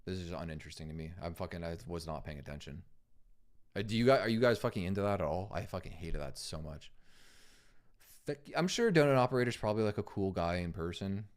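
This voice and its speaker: A man's voice: low-pitched, animated, quick pace. Profane, rambling streamer guy. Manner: profane, rambling, easily distracted. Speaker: streamer reacting to videos. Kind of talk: casual stream chat.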